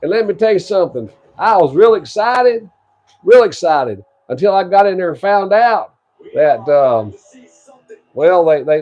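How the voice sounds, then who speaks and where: A man's voice: high voice, dark tone, lo-fi sound. A man in his sixties with a drawl, telling a rambling tall tale and chatting casually as co-host. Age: 60s. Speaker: co-host, grandfather. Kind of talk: folksy storytelling and casual wrestling chat.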